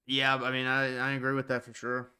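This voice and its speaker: Smooth-voiced male livestream host. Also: medium pitch, completely flat delivery, bright, forceful tone. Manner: chatty, quick reactions, reads out chat questions. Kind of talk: casual live reaction chat.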